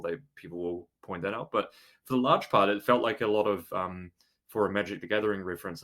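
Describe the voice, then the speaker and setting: Low-pitched relaxed podcast host man. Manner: relaxed, hedging with "you know" and "um". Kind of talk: casual chat.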